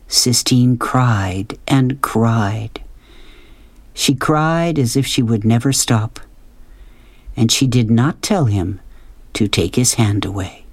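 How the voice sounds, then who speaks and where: A calm, measured narrator reading a children's novel aloud. The pace is slow and unhurried, with a middle pitch. The recording is dry and close, with no room sound. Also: husky, dry recording. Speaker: audiobook narrator. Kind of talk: scripted narration.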